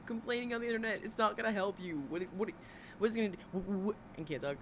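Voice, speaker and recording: A woman with a medium-pitched voice hosts a livestream at a quick pace, ranting and gossiping bluntly and sarcastically with plenty of swearing. The background is noisy.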